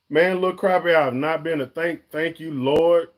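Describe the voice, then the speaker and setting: A man's voice: a little high, normal speed, hardly any pauses. A man, hosting a casual live-stream chat for a fishing channel, talking in a chatty, emphatic way and often calling viewers "y'all" and "man".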